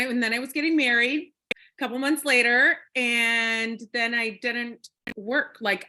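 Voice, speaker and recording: A chatty woman in her forties with a Minnesotan accent tells her story on a team call. Her voice sits a little high and sounds bright and tense. She giggles and tumbles through fillers with bubbly warmth. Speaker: guest speaker.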